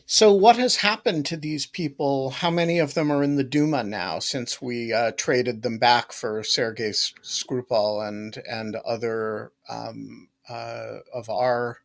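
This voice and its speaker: A man hosting an interview, asking questions in a halting, thoughtful way with long pauses and ums. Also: mid-range voice, steady tone, creaky. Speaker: podcast host. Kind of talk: casual conversational interview.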